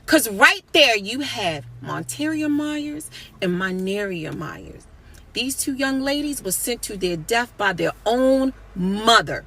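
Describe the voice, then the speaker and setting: A woman's voice: a little high, sing-song, slow, fairly bright tone. A woman comedian recounting a story in a blunt, indignant, profane way, talking straight to her listeners. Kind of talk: storytelling commentary.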